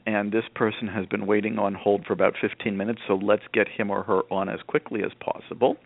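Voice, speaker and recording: A man hosting a call-in parenting advice show, calm and measured, explaining patiently. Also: on the low side, gravelly, no echo. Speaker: radio show host, parenting expert. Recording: narrow phone-like band, dry.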